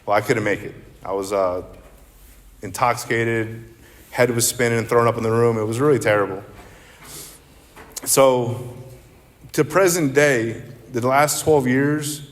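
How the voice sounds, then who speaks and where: A man's voice: medium pitch, unhurried, pauses often. A man from central New Jersey speaking at a recovery meeting, rambling and candid, often poking fun at himself. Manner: rambling, candid, self-deprecating. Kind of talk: personal recovery talk. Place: meeting hall. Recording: long hall reverb.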